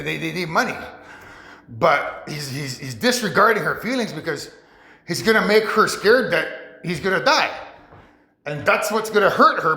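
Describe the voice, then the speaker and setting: Rambling man with a bright, lively voice. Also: fairly high pitch, roomy sound. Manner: halting, full of restarts, laughing often. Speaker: vlogger. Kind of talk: rambling monologue.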